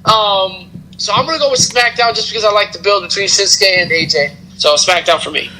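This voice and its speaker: A man with a very high, sharp voice hosts a casual wrestling podcast, rambling through his recap with lots of fillers and jokes. A faint hiss sits under his voice. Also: a little fast, poor audio. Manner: rambling, joking, many fillers. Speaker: podcast host.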